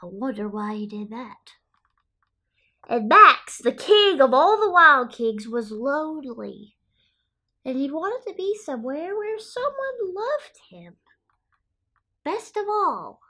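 A woman's voice: sits high, very animated, slow, bright, forceful tone, exaggerated voice. A woman playing Pickles, a chirpy pickle-loving storyteller. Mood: playful. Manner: chatty asides, speaks of herself in third person. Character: quirky childlike woman Pickles, pickle-loving, raised by wolves. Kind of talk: playful picture-book read-aloud.

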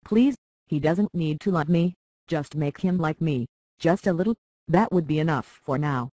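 A proud, quick-tongued young noblewoman, as an audiobook reader puts her on, pleading one moment and cutting the next. The delivery is dry and close, with an even middle pitch. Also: dry recording, lightly acted. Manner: pleading, then sharply biting. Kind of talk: audiobook character reading.

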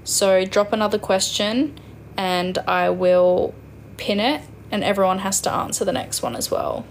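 Australian woman, twenties, casual phone livestreamer reading comments, gravelly fry, light noise floor. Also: mid-range voice, unhurried. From Western Australia. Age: 20s. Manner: chatty, reads viewer comments aloud and answers them. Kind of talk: casual live-stream chat reading comments.

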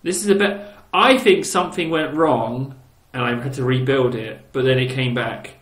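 A man's voice: medium pitch, normal speed, a bit bright. A man hosting a casual gaming channel, giggling and teasing his old builds with playful exclamations. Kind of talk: casual gameplay commentary. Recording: roomy echo.

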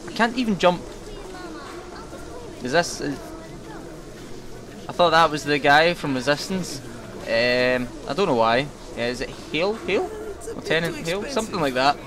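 Background noise sits under a young man's fairly high, animated voice, which moves at a moderate pace with long pauses. He's doing casual let's-play commentary, joking and chatting with viewers as he games.

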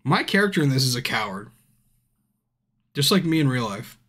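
A drunk man streaming a game, chatting casually, swearing constantly and bursting into yells at the screen. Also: mid-range voice, very animated, normal speed. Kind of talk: casual livestream commentary. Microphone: streaming mic.

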